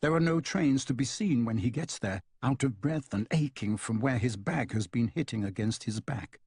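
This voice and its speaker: A man reading a novel aloud in a calm, measured narration. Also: medium pitch, breathy edge, no echo, clean studio sound. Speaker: audiobook narrator. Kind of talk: scripted narration.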